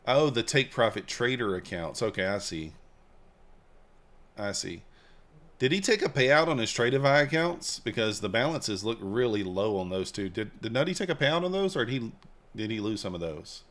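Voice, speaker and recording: A man's voice: fairly low pitch, very animated, normal speed, a bit bright. A man hosting a live trading stream, chatting casually, joking and answering viewers' comments. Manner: laid-back, joking, reads and answers chat. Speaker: livestream trading host.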